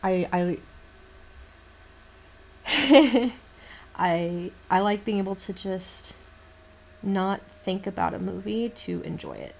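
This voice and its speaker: A young woman with a Southern US accent, chatting casually on a livestream in a halting, rambling way with many restarts. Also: medium pitch, gravelly, a little hiss or hum. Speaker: livestream host. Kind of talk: casual chat while painting on stream.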